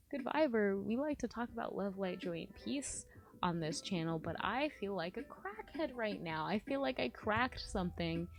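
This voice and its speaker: A woman talking to her viewers in a rambling, confessional vlog about her feelings, often trailing off mid-sentence. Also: medium pitch. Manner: emotional, self-searching, trails off mid-sentence. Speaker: spiritual vlogger.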